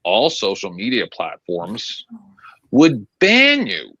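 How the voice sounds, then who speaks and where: Animated man on a dull lo-fi mic. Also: on the low side, slow, slightly rough, no room sound. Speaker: panelist. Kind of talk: casual live-stream panel talk.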